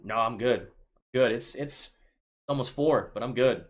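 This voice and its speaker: Speaking at a measured pace in a medium pitch, a Chicago man in his thirties reads out viewer questions on a live stream. His answers are offhand, and he frequently starts sentences over.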